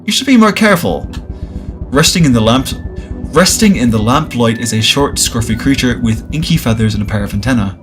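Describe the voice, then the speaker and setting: A man's voice: medium pitch, a little fast, soft background music. A man playing a visual novel, reading its text aloud with jokey, casual asides. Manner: casual, jokey asides between read lines. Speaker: game streamer.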